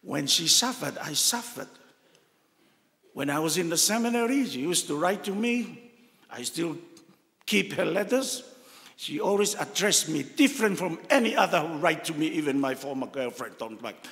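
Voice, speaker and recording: Older Tongan man, heartfelt and gravelly. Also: a little high, animated, a bit bright, big-room sound. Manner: emotional, heartfelt storytelling with pauses. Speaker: cardinal giving a talk. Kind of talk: personal testimony talk.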